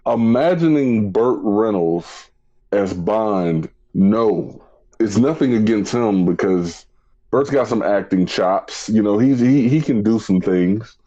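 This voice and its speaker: A man co-hosting a casual chat, easygoing and deliberate. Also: fairly low pitch, expressive, dark tone. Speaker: podcast co-host. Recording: dull lo-fi mic.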